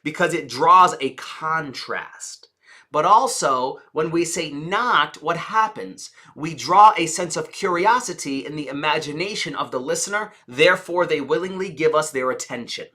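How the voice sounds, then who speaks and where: A man teaching public speaking, who punctuates points with dramatic stress, rhetorical questions and sudden drops to a low, soft voice. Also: normal speed. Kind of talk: presentation skills lesson.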